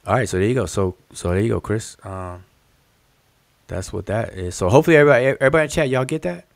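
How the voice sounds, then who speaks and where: A man with a fairly low voice teaches on a livestream, walking his viewers through inscriptions. He explains patiently, circles back to repeat key terms, and speaks to his chat directly. His voice is dry and close, with no room around it. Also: quick pace, gravelly, no echo. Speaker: host teaching hieroglyphic writing.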